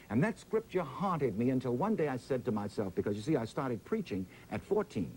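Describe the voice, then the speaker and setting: A man, interviewed as a preacher, tells his story with a dramatic, drawn-out pulpit cadence. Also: medium pitch, big pitch swings, darkish tone, slight background noise, low-quality recording.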